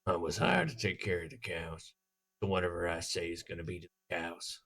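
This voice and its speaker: A streamer putting on a low, muttering old farmhand. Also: steady tone, brisk. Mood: gruff, muttering. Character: gruff old male farmhand talking to cows. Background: loud game music.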